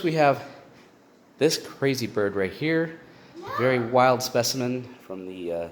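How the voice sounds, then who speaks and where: A man walking through the bird room in his house. He gives a casual vlog tour with lots of fillers and restarts, and coos at his birds in high baby talk. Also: a little slow. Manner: chatty, with many fillers and restarts. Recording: constant room noise with clicks.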